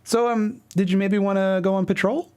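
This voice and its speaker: A man's voice: sits high, steady tone, moderate pace, dark tone, smooth, pitched above the performer's own voice, close to an everyday voice. A man voicing a cheery, overly polite young woman in a webcomic reading. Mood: chirpy. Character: cheery sweet-natured young woman, upbeat.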